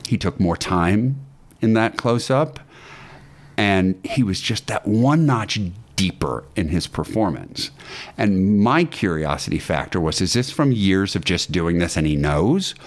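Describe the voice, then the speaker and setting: A man's voice: deep voice, expressive, unhurried. A man, an actor and acting teacher, telling an anecdote in casual podcast talk, with ums and restarts.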